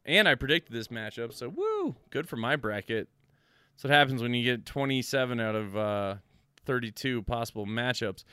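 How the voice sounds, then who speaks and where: Bright, clear-voiced young man hosting. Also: mid-range voice, dry recording, studio quality. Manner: joking, upbeat, swears casually. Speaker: podcast host tallying votes. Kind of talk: casual chat.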